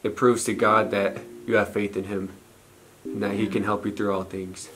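A man's voice: on the low side, little pitch movement, moderate pace, fairly bright tone, slight background noise. A man hosting a faith vlog, speaking in an upbeat, sincere, encouraging way. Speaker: channel host. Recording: faint music behind.

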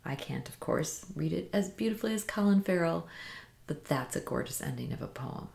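A woman teaching a poetry lesson, explaining meter slowly and reading lines aloud with careful emphasis. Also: fairly low pitch, lively intonation, gravelly, a little mellow, reverberant.

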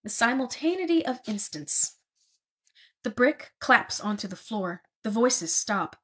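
Woman reading a novel, breathy. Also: fairly high pitch, very animated, a little slow, a bit bright. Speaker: reader.

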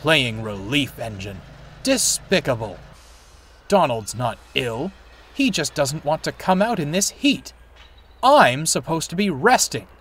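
A man's voice: on the high side, big pitch swings, a little slow, hardly any pauses, voice pushed up. A man voicing a tired, grumpy male steam engine who grumbles and huffs indignantly, with music behind him.

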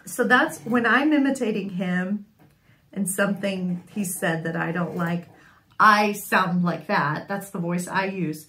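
A woman vlogger telling a funny family story in a casual, wry and animated way, often laughing. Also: medium pitch, measured pace. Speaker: sewing vlogger. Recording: echoey room.

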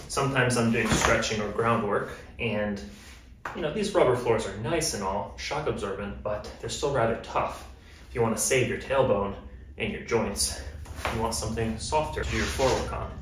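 A man giving a relaxed, upbeat how-to demonstration while handling gear in his home gym. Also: on the low side, normal speed. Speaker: fitness vlogger. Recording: very echoey room, distant mic, faint noise.

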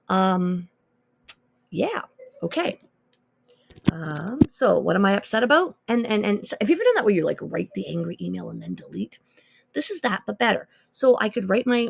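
A woman's voice: mid-range voice, vocal fry. A woman music teacher talking casually through teaching tools on a podcast, thinking aloud with plenty of ums and easily amused.

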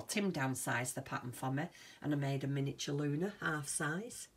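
Woman, husky, lowish voice, chatty, enthusiastic, casual craft vlog. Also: darkish tone. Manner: chatty, enthusiastic, gushing over fabrics. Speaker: crafting vlogger. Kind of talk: casual chat. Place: home craft room.

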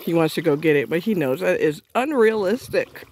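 A woman's voice: lowish voice, big pitch swings, normal speed, darkish tone, slight background noise. Chatty woman vlogging outdoors by a lake. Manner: chatty, doting, coaxing her dog. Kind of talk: casual vlog commentary.

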